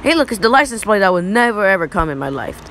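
Excitable high-voiced young guy rambling. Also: fast, a little hiss or hum, poor audio. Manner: rambling, excitable, repeats "look". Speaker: YouTuber. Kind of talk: casual reaction commentary.

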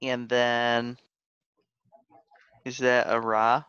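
Brief: unsure male student, slow and smooth, dry muffled video-call sound. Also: medium pitch, little pitch movement, fairly bright tone, dry recording. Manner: hesitant, unsure. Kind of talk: hesitant reading aloud in class.

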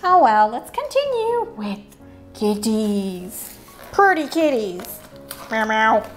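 A woman's voice: on the high side, big pitch swings, takes it slowly, soft background music. Playful, sing-song woman unboxing toys. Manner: playful, sing-song, switches to whispers and silly voices. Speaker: toy unboxing host. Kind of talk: playful toy unboxing narration.

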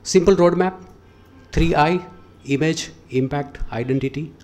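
A man's voice: a little high, measured pace, a little mellow, faint music behind. A man with an Indian accent, a guest speaker giving a motivational lecture with audience questions, telling stories and putting questions straight to the audience. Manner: storytelling, questions the audience directly. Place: lecture hall.

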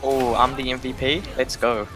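A young man with a New Zealand accent talks over a headset in team voice chat, mid-pitched and chatty. He jokes and brags lightly between calls, and faint music sits underneath. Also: flat delivery, moderate pace. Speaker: esports player.

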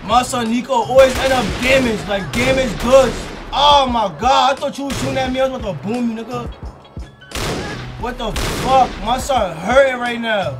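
Man, hoarse, game commentary, loud profane trash talk, game music and gunfire in the background. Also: extremely high pitch, normal speed. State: hoarse from yelling. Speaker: gaming YouTuber.

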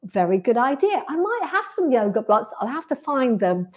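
Pilates teacher, higher-pitched woman. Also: sing-song, moderate pace. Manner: friendly, reads out viewer comments and replies to each. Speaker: pilates instructor. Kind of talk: chatty live-stream Q&A after class. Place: sunny room indoors.

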